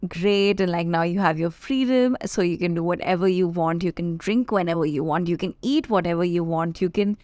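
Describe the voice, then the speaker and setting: A young woman from India hosts her own podcast, talking to listeners in a chatty, confiding way full of playful asides. Her voice sits on the low side, and the sound is dry and close with no room around it. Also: fairly quick, few pauses, a little mellow, no room sound. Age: 20s. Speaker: podcast host. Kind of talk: casual solo podcast chat.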